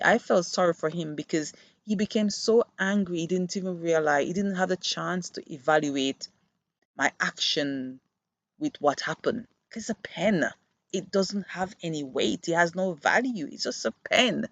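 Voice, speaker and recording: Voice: mid-range voice, measured pace, a bit bright, no echo. A podcast host who works with children gives an earnest, reflective monologue and explains through classroom stories. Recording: dull, muffled dry recording.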